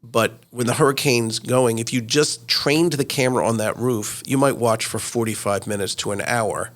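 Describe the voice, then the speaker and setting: A man in his sixties, a retired news correspondent, telling lively anecdotes as an interview guest, with many fillers. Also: medium pitch, normal speed. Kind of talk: interview storytelling.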